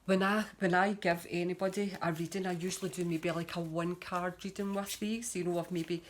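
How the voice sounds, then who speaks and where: A woman with a slightly low-pitched voice talks chattily to her camera in a casual show-and-tell vlog. She gushes as she shows off her tarot cards, with a lot of fillers along the way. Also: steady tone, brisk, slight background noise. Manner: chatty and gushing, with frequent fillers. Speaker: tarot reader.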